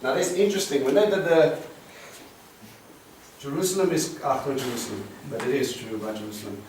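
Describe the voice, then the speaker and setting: A man's voice: medium pitch, a little fast. A man teaching a Bible study to a small group, explaining Hebrew words and quizzing the class. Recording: roomy, distant mic with faint hiss.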